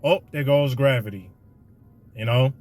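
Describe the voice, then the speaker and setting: A man's voice: medium pitch, unhurried, soft background music. Casual motivational talk from a man. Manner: slangy, conversational, preachy. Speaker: podcast host.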